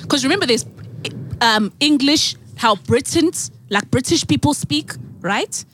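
A woman's voice: sits high, expressive, a little slow, a bit bright, slight background noise. A South African woman cohosting a podcast, chatty and laughing easily as she explains with examples. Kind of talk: casual chat.

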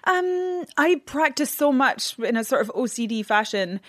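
A Scottish woman in her thirties, a guest on a podcast, chatting with a playful, quick wit. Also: high-pitched, expressive, fairly bright tone, dry recording, clean studio sound. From Scotland. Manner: playful, quick-witted, laughs easily. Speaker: actress guest. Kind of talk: casual interview chat.

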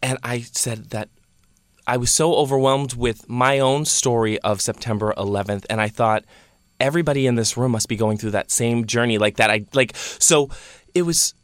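A man's voice: medium pitch, normal speed, no room sound. A man co-hosting a podcast, speaking in an emotional, gushing way and often reaching for "like" as he searches for words. His voice sits in a middle register, recorded dry and close to the mic. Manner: emotional, gushing, full of fillers like "like". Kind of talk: casual chat reviewing a show.

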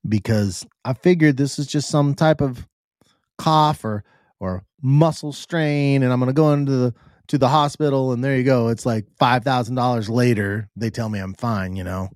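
A middle-aged man hosting a podcast, telling a personal story in an earnest, halting way with frequent restarts. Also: medium pitch, darkish tone, no echo, studio quality. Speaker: podcast host.

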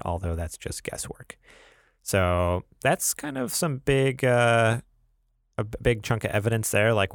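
Gravelly low-voiced man, casual co-host. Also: dry recording, clean studio sound. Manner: laughing, rambling, many fillers. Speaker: podcast co-host. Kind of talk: casual chat.

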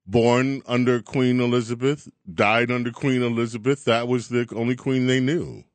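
A man hosting a talk radio show, chatting in an animated, chuckling monologue. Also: medium pitch, dry recording. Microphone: studio mic.

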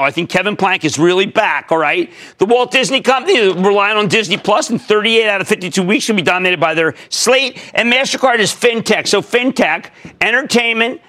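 A man in his sixties hosting a TV stock market show, talking in an emphatic, excitable way and sometimes shouting out names. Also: high-pitched. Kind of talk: energetic TV finance commentary.

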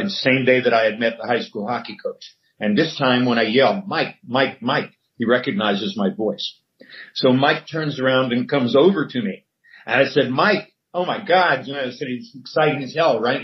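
An older man, a former sports newsman, telling a long anecdote in a relaxed way with many fillers. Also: mid-range voice. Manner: relaxed storyteller, frequent fillers. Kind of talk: anecdotal storytelling. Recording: dull lo-fi recording.

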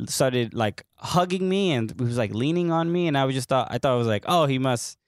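A man's voice: medium pitch, expressive, fairly quick, no room sound. A young man from the United States chats casually as a podcast co-host. He tells stories in loose, rambling bursts, full of "uh" and "like", and laughs often. His mid-range voice is recorded close and dry, with no room sound. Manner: rambling storyteller, frequent fillers, laughs often. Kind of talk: casual chat.

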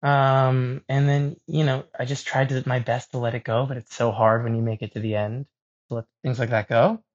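A man's voice: medium pitch, level tone, normal speed. A young man, a stage actor, chatting as an interview guest in a self-deprecating way with frequent laughs and restarts. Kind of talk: casual interview chat. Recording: dull lo-fi sound.

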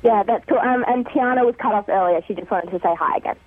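Brief: Australian woman caller, shy and giggly, mid pitch, dull muffled phone line. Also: quick pace, no echo. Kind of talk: casual phone call.

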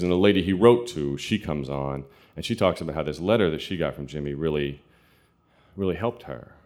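A man telling a true personal story in an earnest, confessional way, with halting restarts. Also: very deep voice, a little mellow.

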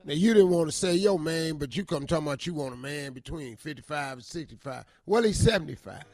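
A man co-hosting a radio advice segment, joking loudly in casual talk and tired after a sleepless night. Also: fairly high pitch, animated, fairly quick. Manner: loud, joking, informal Southern Black English phrasing. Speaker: radio co-host giving advice.

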